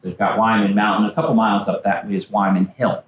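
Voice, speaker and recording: Speaking fast and flat in a lowish voice, a man gives a storytelling slide talk in a library meeting room, where he acts out quoted historical figures; he's an author who used to be a backcountry ranger. The lo-fi, far-off recording is echoey and has a little hiss or hum.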